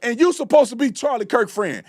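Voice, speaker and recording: Man, live show host, heated ranting, very high voice, swooping delivery. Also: lively intonation, fairly quick, no room sound, clean studio sound. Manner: fiery, ranting, repeats himself, shouts at times. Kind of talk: heated live political commentary.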